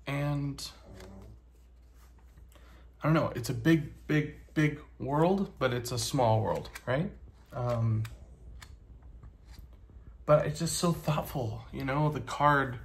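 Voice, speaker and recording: A man in his thirties talking casually to the camera, halting with many pauses, earnest and grateful. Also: mid-range voice, a little hiss or hum. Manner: halting, soft-spoken, many ums and pauses. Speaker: vlogger and teacher.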